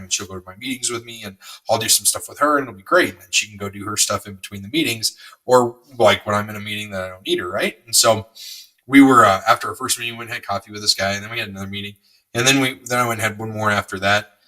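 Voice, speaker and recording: A middle-aged man hosting a podcast, telling a rambling, energetic story with lots of fillers. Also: lowish voice, far from the mic, poor audio. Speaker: podcast host. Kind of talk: motivational podcast monologue.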